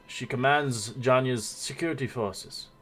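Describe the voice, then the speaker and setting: A man's voice: mid-range voice, a little slow, a bit bright, faint music behind, pitched above the performer's own voice, natural voice. A man voicing a courteous male host of an undersea court in a tabletop game, giving a formal introduction.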